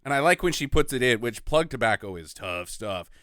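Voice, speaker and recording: Woman podcast co-host, animated and giggly, smooth voice, dry close mic. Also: very deep voice, a little fast, no echo. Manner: laughs often, acts out quotes. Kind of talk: casual movie-riffing chat.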